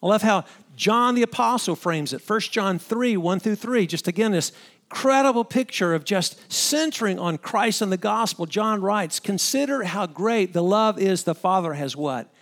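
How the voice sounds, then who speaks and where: A man preaching a sermon to fellow pastors, emphatic, repeating phrases for stress and asking the listeners direct questions. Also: moderate pace. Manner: swings from soaring high-pitched exclamations to low hushed lines.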